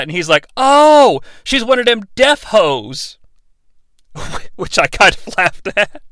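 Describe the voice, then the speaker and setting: Sarcastic, animated male podcast host. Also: high-pitched, clean tone, no echo. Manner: sarcastic, profane, acts out characters. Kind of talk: casual comedic movie recap.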